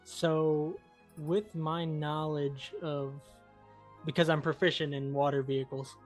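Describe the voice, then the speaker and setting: Male player, raised pitch, hesitant, faint music behind. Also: little pitch movement, takes it slowly. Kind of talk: casual tabletop game chat.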